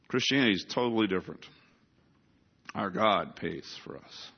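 Low-voiced preacher, lo-fi. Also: male voice, animated, moderate pace, creaky, long pauses, husky. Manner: conversational preaching, asks the congregation questions, rises to urgent emphasis. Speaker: pastor. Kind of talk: sermon. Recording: dull lo-fi sound.

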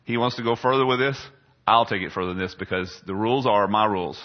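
Middle-aged male pastor, lowish voice, chatty sermon, muffled lo-fi recording. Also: fast. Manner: conversational preaching with questions to the congregation. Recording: dull lo-fi sound.

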